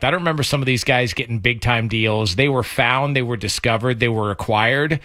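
Bright, dry-voiced male radio co-host. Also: medium pitch, fairly quick, hardly any pauses, no echo. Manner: conversational, rambling run-on sentences. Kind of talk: sports radio chat.

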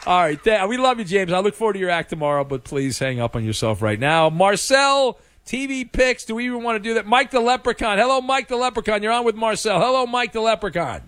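Lively high-voiced male radio host. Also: fast, few pauses, no echo. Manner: teasing, joking. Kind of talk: radio talk show hosting.

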